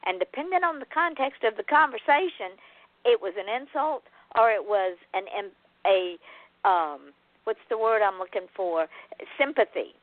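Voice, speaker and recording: A woman from Georgia with a Southern US accent, hosting a casual chat in a lively, talkative way. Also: mid-range voice, normal speed, dry recording. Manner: lively, chatty. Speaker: host. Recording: dry phone-line audio.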